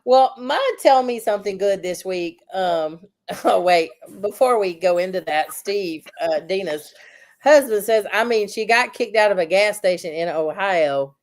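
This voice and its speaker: A Southern woman hosts a relaxed podcast chat at an ordinary mid pitch. She teases her co-hosts and chuckles between her lines. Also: a little slow. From Southern United States. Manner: teasing, chuckling. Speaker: host.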